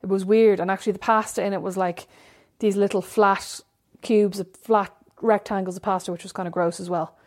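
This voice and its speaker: A woman's voice: medium pitch, steady tone, fairly quick, few pauses, darkish tone. A woman co-hosting a casual chat, rambling and storytelling. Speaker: podcast co-host. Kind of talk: casual chat between sisters.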